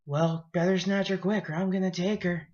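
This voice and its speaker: A man's voice: high-pitched, steady tone, moderate pace, darkish tone, dull audio, pitched above the performer's own voice, lightly acted. A young man voicing a boastful, pushy drunk college guy in a casual retelling.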